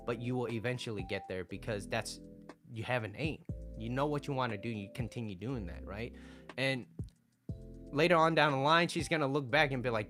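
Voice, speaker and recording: A man's voice: medium pitch, a bit bright. A man giving casual relationship advice, talking straight to viewers and repeating his key points with a lot of "right?" and "like". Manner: conversational, peppers lines with "right?" and "like". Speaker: dating and relationship coach.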